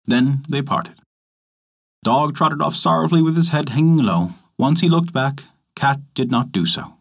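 A man narrating a folk tale in a measured, expressive storytelling manner, as host of a story podcast. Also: medium pitch, vocal fry. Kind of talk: scripted narration.

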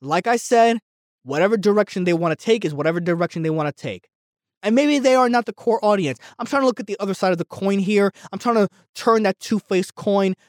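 A young man hosting a solo podcast, ranting heatedly and swearing. He repeats himself and swings between yelling and muttering. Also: sits high, brisk, no echo, clean studio sound. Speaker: podcast host.

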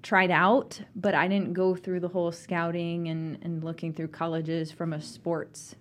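A woman's voice: lowish voice, little pitch movement, a little slow, slight background noise. A woman hosting a casual interview, encouraging her guest and affirming often. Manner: encouraging, frequent short affirmations. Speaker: podcast host.

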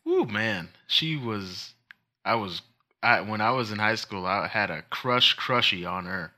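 A man's voice: fairly low pitch, animated, a little slow, background noise. A man co-hosting a podcast, chatting casually and teasing his co-host. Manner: joking, teasing. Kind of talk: casual chat.

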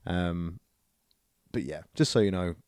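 A man co-hosting a casual podcast, animated, laughing often and restarting his sentences. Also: deep voice, unhurried, clear, resonant tone, no echo, clean studio sound. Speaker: podcast co-host. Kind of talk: casual chat.

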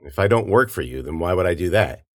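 A man's voice: low voice, animated, fast. A man voicing a young police officer who answers in short, curt replies. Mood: dutiful.

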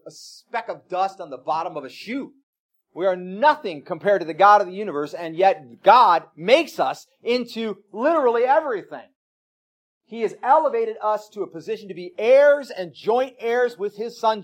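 High-voiced man preaching conversationally. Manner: conversational preaching with frequent tag questions and homely examples. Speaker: pastor. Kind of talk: sermon.

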